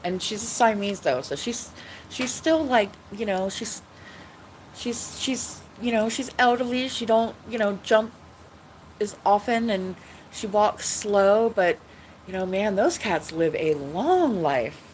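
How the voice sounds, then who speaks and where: A woman's voice: mid-range voice, animated, slow pace, slight background noise, poor audio. A woman talking casually on her own livestream, rambling with many restarts and frequent swearing. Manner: rambling, repetitive, swearing often. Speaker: livestream host.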